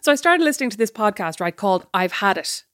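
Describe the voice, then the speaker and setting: A woman co-host chats casually on a podcast, brash and teasing, and she swears without a second thought. She talks very fast, and the sound is dry and close. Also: medium pitch, big pitch swings, a bit bright, no room sound. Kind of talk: casual chat.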